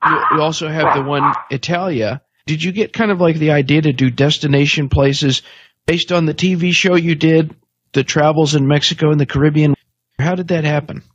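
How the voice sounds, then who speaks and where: A man hosting an interview, asking calm, measured questions. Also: a little high, lo-fi sound, slight background noise. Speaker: interview host.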